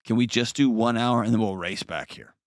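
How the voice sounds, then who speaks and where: A man hosts a call-in advice show, his medium-pitched voice earnest and conversational. He reassures the caller gently and patiently. The sound is dry and close, with no room echo. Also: a little fast.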